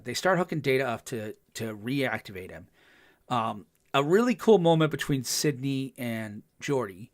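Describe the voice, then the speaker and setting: A man hosting a podcast, recapping a TV episode in a casual, excited way, full of ums and restarts and acting out the characters' lines. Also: mid-range voice, dry recording, studio quality. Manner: chatty, with frequent ums and restarts. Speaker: podcast host.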